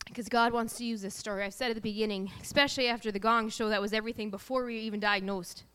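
A woman in her thirties gives an earnest faith testimony about her family. Her voice sits a little high and sounds bright and forward, with a smooth, clean tone. She tells the story with plenty of feeling. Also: fairly even intonation, very fast. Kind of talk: personal faith testimony talk.

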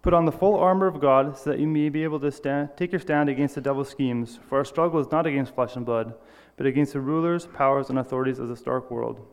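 A man's voice: medium pitch, fast talker, long reverb tail. A man giving an earnest, personal sermon, reading scripture and correcting small slips as he goes. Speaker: lay preacher.

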